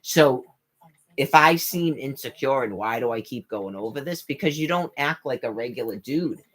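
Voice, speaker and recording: An exasperated woman rants straight to camera, swearing and firing off rhetorical questions. Her pitch swings widely from low to high as she mimics others mid-sentence. She stumbles and restarts her words as she goes. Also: animated, normal speed, slightly rough. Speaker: vlogger. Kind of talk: rambling rant to camera.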